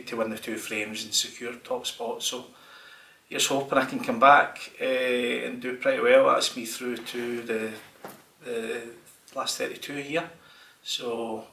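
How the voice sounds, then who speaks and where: Snooker player guy post-match, gravelly and bright, flat tone, echoey and off-mic. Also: medium pitch, far from the mic. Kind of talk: post-match remarks to camera. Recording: echoey room, away from the mic.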